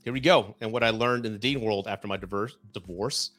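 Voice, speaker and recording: A South Texas man with a Southern Texan accent hosts a divorce podcast as a live-streamed talk show, chatting loosely, swearing casually and reading viewer comments aloud. His voice is fairly low and a bit bright, and he talks fast. Faint music plays behind him.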